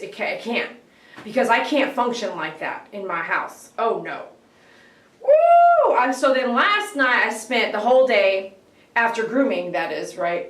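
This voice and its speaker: Animated woman in an echoey salon. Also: fairly high pitch, far from the mic. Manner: animated storytelling, imitates barking dogs, laughs often. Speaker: dog groomer. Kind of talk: casual livestream chat. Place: grooming salon. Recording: echoey room, voice off-mic.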